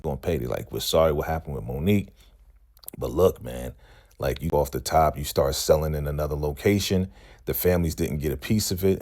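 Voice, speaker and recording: A man casually recapping a TV episode, retelling scenes and acting out the characters' lines, often checking in with "right?". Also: rumbling low. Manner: relaxed storytelling, acts out characters' lines, frequent "right?". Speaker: recap show host.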